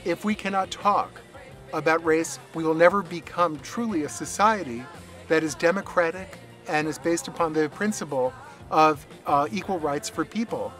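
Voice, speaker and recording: A man giving a documentary interview, speaking in an earnest, measured way. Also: a little high, a bit bright, faint music behind.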